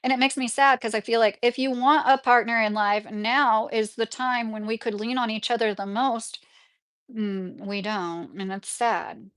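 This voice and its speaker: Chatty woman host, slightly high voice. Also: fairly even intonation, normal speed, fairly bright tone. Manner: chatty, laughs often, talks back to the chat. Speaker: livestream host reading viewer comments. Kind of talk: casual chat.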